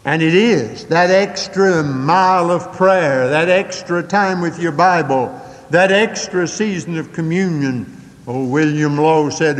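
Older preacher with a raised voice, echoing hall. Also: male voice, a little slow. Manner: folksy storytelling with dramatic swings in pitch and pace. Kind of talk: sermon.

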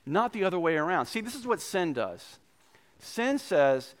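Animated male pastor preaching. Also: a little high, moderate pace. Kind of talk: sermon.

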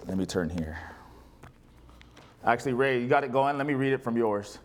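A man's voice: medium pitch, lively intonation, normal speed, pauses often. A male pastor preaching a sermon, reading scripture aloud and putting questions to his congregation.

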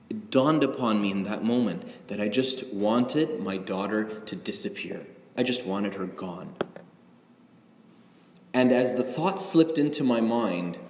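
A man's voice: medium pitch, darkish tone. A middle-aged male pastor preaching a sermon in a conversational, confessional way, often checking in with "right?". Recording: echoey hall with long reverb.

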